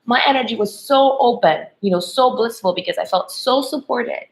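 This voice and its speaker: A woman's voice: fairly high pitch, moderate pace, poor audio. A woman love coach giving a motivational spiritual talk to women, checking in with "okay?" and "right?" as she goes.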